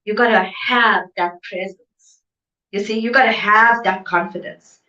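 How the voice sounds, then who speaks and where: A woman's voice: medium pitch, steady tone, measured pace, pushed and bright. A woman giving an emphatic motivational seminar talk, often asking "okay?" to check the audience is with her. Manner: emphatic, repeats okay for agreement. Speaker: business seminar speaker. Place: seminar venue. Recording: echoey room, distant mic, dull sound.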